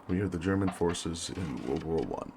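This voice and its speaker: Brief: a low-voiced man narrating a war game, deliberate reading, gravelly texture. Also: animated, dark tone, slight background noise. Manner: slow, deliberate reading, apologetic chatty asides. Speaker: gamer. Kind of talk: reading a story game aloud with asides.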